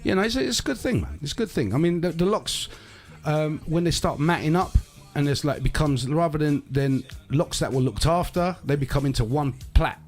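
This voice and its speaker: Animated, emphatic man hosting a podcast. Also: fairly high pitch, fairly quick, few pauses, soft background music. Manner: emphatic, animated, rhetorical asides. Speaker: podcast host. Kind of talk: casual chat.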